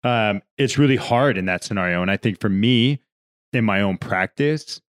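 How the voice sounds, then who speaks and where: A man with a fairly low voice chats on a podcast, his words coming in quick, halting bursts. The sound is dry and close. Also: clear, resonant tone, no room sound. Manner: halting, with fillers and restarts between quick bursts. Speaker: podcast co-host. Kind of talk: casual faith discussion.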